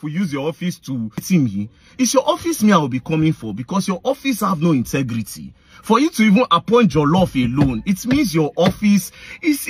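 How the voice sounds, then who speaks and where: Male vlogger, Nigerian Pidgin accent, husky voice, swings high and low in a heated rant. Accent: Nigerian Pidgin English. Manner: heated, accusatory, addresses his targets directly. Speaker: online commentator. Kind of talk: confrontational vlog rant.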